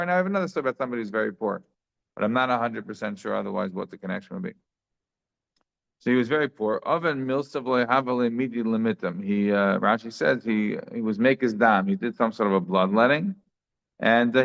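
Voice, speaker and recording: A man's voice: medium pitch, creaky, a bit bright. A man giving a daily Talmud class in a conversational way, thinking aloud with frequent restarts. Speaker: Talmud teacher. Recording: slightly dull lo-fi sound.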